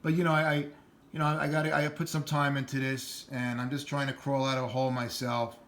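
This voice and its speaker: A man's voice: medium pitch, little pitch movement, fairly quick, fairly bright tone. A middle-aged man with a New York accent talking bluntly and rambling in a casual vlog. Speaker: channel host.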